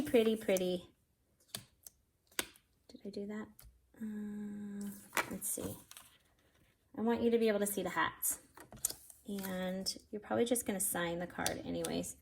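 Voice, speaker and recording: A woman's voice: medium pitch, vocal fry, background noise. A woman hosting a casual card-making tutorial, chatty and self-deprecating, talking straight to viewers while she works and sounding a bit out of breath.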